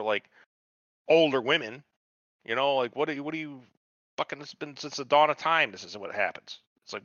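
A man's voice: medium pitch, brisk, pushed and bright, dry recording, dull audio. A man co-hosting a podcast, casually retelling a TV show with heavy swearing and quoted voices. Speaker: podcast co-host. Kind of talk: casual chat recapping a TV show.

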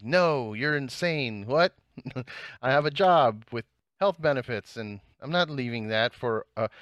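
A man from New Jersey in casual chat, animated, laughing often and swearing freely. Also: mid-range voice, clean tone, no echo, dull audio.

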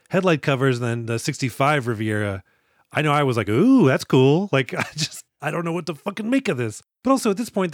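Animated, profane male podcast host. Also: medium pitch, no room sound, studio quality. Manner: animated, profane, jokey recapping. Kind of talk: casual chat about a film.

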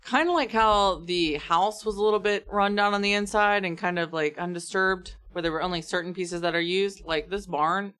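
A woman's voice: mid-range voice, moderate pace, hardly any pauses, fairly bright tone. A woman running a tabletop game as game master, narrating casually with jokes and swearing.

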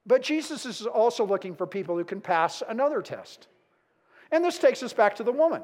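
A middle-aged male pastor preaching a sermon, dramatic and storytelling, moving between emphatic build-ups and hushed moments. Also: high voice, big pitch swings, brisk.

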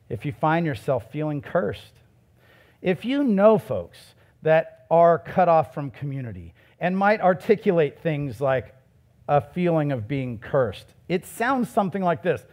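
Middle-aged pastor, man, slightly high voice, casual preaching that swings from loud stresses to quiet asides. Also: big pitch swings, a little slow. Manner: conversational preaching with shifts between loud emphasis and soft asides. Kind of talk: sermon.

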